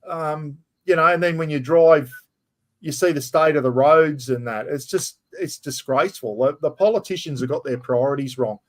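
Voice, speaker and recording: A middle-aged man with an Australian accent hosts a casual live-stream chat, talking bluntly and chattily, swearing freely and calling people mate. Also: a little high. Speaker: livestream host.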